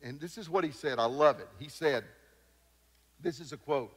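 A man's voice: on the high side, normal speed. A man preaching a sermon as pastor, telling stories with emphatic repetition. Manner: animated storytelling with emphatic repetition. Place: church sanctuary. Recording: long reverb of a church hall.

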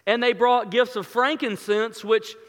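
Homme pasteur, voix aiguë, grande salle réverbérante. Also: male voice, very high voice, fairly even intonation, a little slow, big-room sound. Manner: earnest, emotional storytelling with many restarts. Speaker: pastor. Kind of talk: sermon storytelling.

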